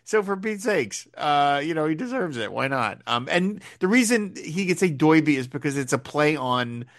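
A man's voice: fairly high pitch, expressive, moderate pace. Wry man co-hosting a casual podcast. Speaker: podcast co-host.

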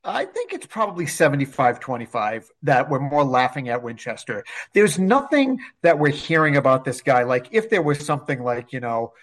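Podcast guy, mid pitch, takes his time, lots of uhs. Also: sing-song, moderate pace, few pauses, fairly bright tone. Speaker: podcast co-host. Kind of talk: casual podcast discussion.

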